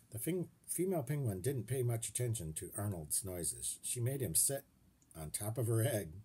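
A man reading a children's chapter book aloud in an expressive way, stopping to show pictures and check in with his listeners. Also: fairly low pitch, normal speed, husky. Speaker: reader to children.

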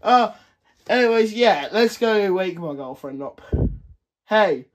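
A goofy young hero, played by a man in a homemade comedy movie. He rambles chattily to the viewer in a high voice, full of fillers. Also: expressive, takes it slowly, slight background noise. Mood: chatty. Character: goofy young male hero who breaks the fourth wall.

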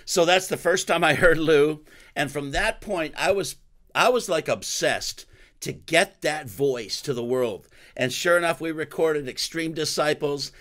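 A man hosting a podcast, telling a story in an animated way and breaking into loud exclamations. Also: a little high, measured pace. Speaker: podcast host. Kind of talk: storytelling interview chat.

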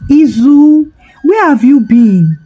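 A woman's voice: high-pitched, expressive, takes it slowly, warm tone, soft background music. A woman voicing a begging lovesick mother. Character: pleading bewitched Nigerian mother, lovesick.

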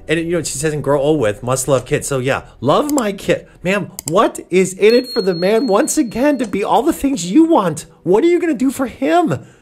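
A man's voice: high-pitched, very animated, normal speed, a little mellow. A man hosting a reaction commentary show, talking in a sarcastic, exasperated way and addressing people as ma'am. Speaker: commentary channel host.

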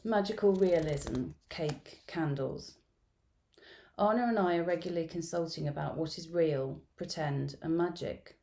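A middle-aged woman researcher reading a field-note narrative aloud at an academic symposium, in a measured, reflective storytelling manner. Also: sits low, gravelly, dark tone. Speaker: education researcher presenting at a symposium.

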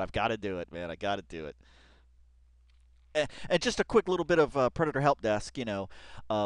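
A man's voice: fairly low pitch, no echo, studio quality. A man giving casual read-along commentary as he reacts to an online article, rambling, laughing often and swearing freely.

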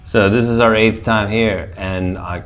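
A man in a band, teasing his bandmate in a relaxed backstage interview. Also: fairly low pitch, measured pace. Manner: laid-back, teasing. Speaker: band member. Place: backstage at a venue.

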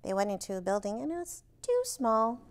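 A woman librarian reading a storybook aloud to toddlers, animated and expressive with chatty asides. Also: fairly high pitch, fairly quick. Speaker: children's librarian.

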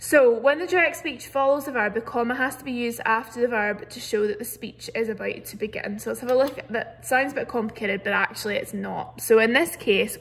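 Patient teacher woman, clear and steady. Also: a little high. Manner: clear, patient explaining with frequent "so" and "um". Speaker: primary school teacher. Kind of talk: recorded online grammar lesson.

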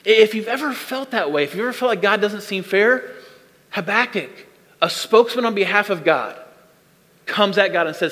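A man's voice: high voice, animated, normal speed, fairly bright tone, big-room sound. A man preaching a sermon as a pastor, earnest and repetitive, speaking straight to his listeners. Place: church auditorium.

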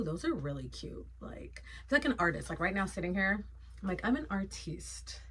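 A woman's voice: fairly low pitch, a bit bright. A woman vlogger chatting casually and playfully, with lots of fillers, about her sunglasses collection. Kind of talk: casual haul chat.

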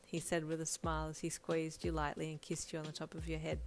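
A woman's voice: low-pitched, completely flat delivery, fast talker, hardly any pauses, soft background music. Woman reading second-person fan fiction. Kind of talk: second-person audiobook narration.

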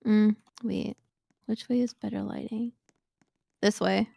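A woman's voice: mid-range voice, steady tone, slow pace, gravelly, dark tone, no echo. A young woman playing a game with a friend, distracted and fussing over getting a screenshot. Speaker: co-streamer. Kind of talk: casual gaming chat.

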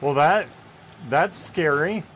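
A young man streaming a game live, chatting casually with viewers and yelping and shouting when plays get close. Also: fairly high pitch, takes it slowly, a little hiss or hum. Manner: excitable, yelps and shouts at close plays, joking with chat. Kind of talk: casual live gameplay commentary.

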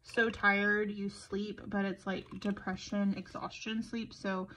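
A tired middle-aged planner vlogger talks slowly in a medium-pitched, level, fairly bright voice. She chats casually while planning, rambling and poking fun at herself. The lo-fi audio is slightly dull with a little background noise.

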